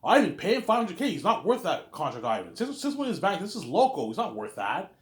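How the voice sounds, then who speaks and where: Man putting on a greedy pushy partner, higher voice, quick, lively, echoey room. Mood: insistent. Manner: insistent, keeps repeating the listener's name.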